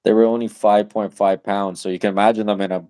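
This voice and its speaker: A man's voice: on the low side, little pitch movement, fast, mellow. A young man in his twenties, a new father of twins, chatting loosely on a podcast with lots of fillers and the odd curse. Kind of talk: casual chat.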